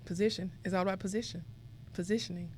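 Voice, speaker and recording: Podcast guest, young woman, lively storytelling, faint noise behind. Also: mid-range voice, fast. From Mississippi. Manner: animated, acts out quoted voices. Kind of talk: conversational storytelling.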